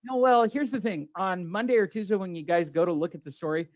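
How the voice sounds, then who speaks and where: Ranting high-voiced male podcast host. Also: fairly quick. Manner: ranting, sarcastic, heavy swearing. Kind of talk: profane casual boxing chat. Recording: dull lo-fi sound.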